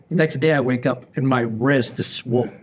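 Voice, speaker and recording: A man's voice: mid-range voice, measured pace, breathy edge. A man, a podcast host telling a long story in casual chat and acting out the lines he quotes. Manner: animated storyteller, acts out his own quoted lines. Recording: faint background noise.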